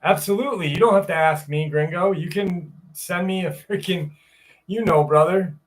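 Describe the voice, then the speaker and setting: Loose, joking male stream host, slightly high. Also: moderate pace. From upstate New York. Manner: loose and joking, with frequent swearing. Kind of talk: casual live-stream chat and reading a story aloud. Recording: voice a bit distant from the mic.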